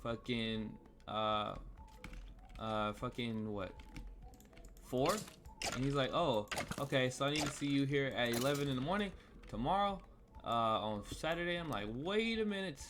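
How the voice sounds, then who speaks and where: A man's voice: mid-range voice, a little slow, fairly bright tone, slight background noise. A young man vlogging, telling a heated, rambling story full of swearing while he plays a game. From United States. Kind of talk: casual storytime rant while gaming. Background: faint cello music.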